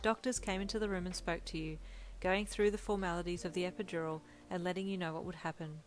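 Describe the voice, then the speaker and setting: A woman narrating second-person romance fanfiction in a gentle, unhurried reading. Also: on the low side, fairly even intonation, poor audio. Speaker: fanfiction reader.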